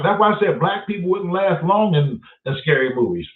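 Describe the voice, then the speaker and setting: On a relaxed live stream, a man with a fairly high, animated voice tells swear-heavy stories and addresses viewers by the names in chat. He keeps a normal speed with few pauses. Everything comes through roomy, far off, and phone-like.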